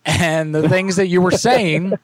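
A man's voice: high-pitched, unhurried, dry recording. Profane casual prank-calling man. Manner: loose, profane, laughing. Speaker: prank caller, podcast host. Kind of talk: casual prank call chat.

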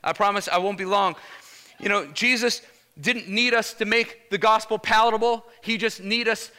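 A male pastor preaching a lively sermon, energetic and casual, calling out "Amen?" to the congregation. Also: high-pitched. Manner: energetic, casual slang, repeated "Amen?" calls.

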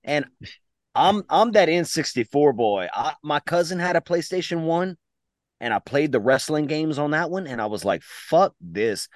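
A man co-hosting a podcast in casual chat, excitable and swearing freely. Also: fairly high pitch, moderate pace, no echo, clean studio sound. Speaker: podcast co-host.

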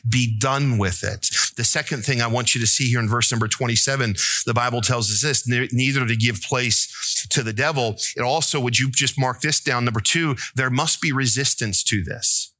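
A man delivers a sermon with a bright, ringing voice, recorded close and dry. He asks his listeners questions, mixes in jokes, and climbs to high, emphatic pleading. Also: normal speed, no room sound. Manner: rises to an emphatic, pleading pitch. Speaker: pastor.

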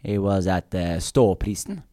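A man's voice: deep voice, a little slow, no echo, studio quality. A young adult man, a comedian guest, telling stories in a casual chat, swearing freely and laughing often. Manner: animated, swearing anecdotes with laughter.

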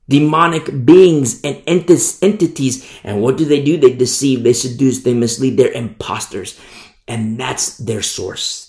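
A man's voice: mid-range voice, vocal fry, darkish tone, reverberant. A man preaching a sermon as a pastor, emphatic and repetitive, sometimes mocking the voices of hypocrites.

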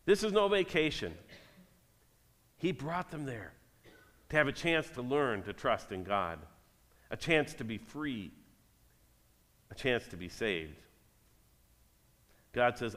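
A man's voice: medium pitch, very animated, takes it slowly, pauses often, a bit bright. Man preaching with a long hall reverb. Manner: reads scripture aloud, then talks directly to the congregation. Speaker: pastor. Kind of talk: sermon.

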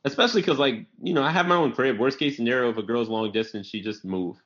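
Animated, swearing man on a lo-fi podcast. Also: mid-range voice, fast talker. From New York area. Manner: animated storyteller, acts out quotes, swears freely. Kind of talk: casual comedic chat. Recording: slightly dull lo-fi audio.

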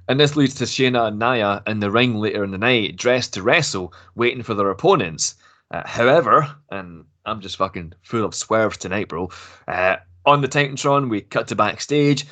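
A man's voice: on the low side, a bit bright. Chatty swearing man recapping wrestling. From Glasgow, Scotland. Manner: chatty, swears, jokes, laughs often. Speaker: podcast host recapping wrestling. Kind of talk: casual recap chat.

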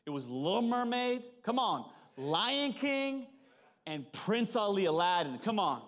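A high-pitched man preaches with big, swinging intonation. He keeps it playful and animated, slipping into voices as he retells film moments for the congregation. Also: measured pace. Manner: animated, joking, acts out movie lines. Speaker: pastor. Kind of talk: sermon with movie references.

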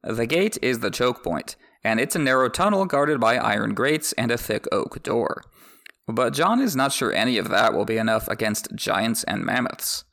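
Man, podcast host, recapping a chapter, wry jokes, mid pitch, gravelly creak. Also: animated, moderate pace, a bit bright. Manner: wry, joking asides. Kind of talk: chapter recap with read excerpts.

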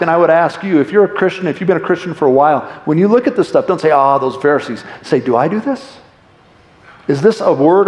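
A man's voice: high voice, darkish tone. A middle-aged male pastor giving a conversational, jokey sermon to his congregation. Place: church hall. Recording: echoey church room.

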